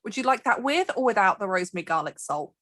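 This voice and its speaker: A woman's voice: medium pitch, animated, quick pace, fairly bright tone, no room sound. Woman playing a chirpy takeaway shop worker. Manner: chirpy, helpful salesy. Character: cheerful female takeaway shop worker taking orders.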